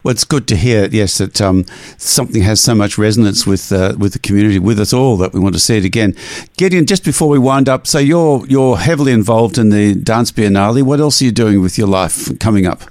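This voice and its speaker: A man hosting a radio arts interview, encouraging, with quick interjections. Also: fairly low pitch, a little mellow, no room sound, clean studio sound. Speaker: radio arts show host.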